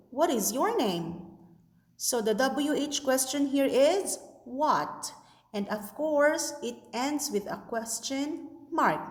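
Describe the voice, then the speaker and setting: Woman teacher, slow, sing-song delivery for young learners; recorded in an echoey room with a long tail. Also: high voice. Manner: slow, sing-song teacher talk with many checks for understanding. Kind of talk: recorded online class lesson.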